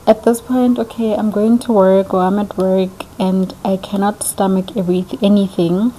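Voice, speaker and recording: A young woman vlogger telling a story casually, chatty and animated, acting out what people said. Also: mid-range voice, moderate pace, hardly any pauses, a little hiss or hum, low-quality recording. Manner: animated, chatty, acts out quoted dialogue.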